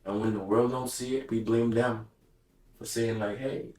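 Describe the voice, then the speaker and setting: A man's voice: on the low side, flat delivery, moderate pace, warm tone, reverberant, poor audio. A man speaking casually to camera in a reflective, heartfelt monologue, slangy and open. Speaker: vlogger.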